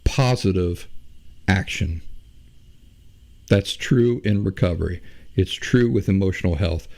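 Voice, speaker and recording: A man with a fairly low, gravelly voice talks on his own as host of a show. His tone is mellow and dark rather than bright. He explains step by step, answers his own rhetorical questions and repeats key phrases for emphasis. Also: a little slow. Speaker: podcast host. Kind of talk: solo talk on emotional health.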